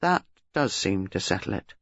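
Man doing a stolid police superintendent, low, grave, audiobook reading, dry dull sound. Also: very animated, moderate pace, fairly bright tone, no echo, exaggerated voice. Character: stolid middle-aged male police superintendent.

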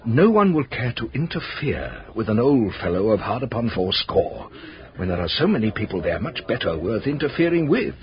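Man playing an old bank clerk, near eighty, fatherly, wry, lively pitch swings, muffled radio sound. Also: close to an everyday voice. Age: older. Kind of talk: radio drama acting.

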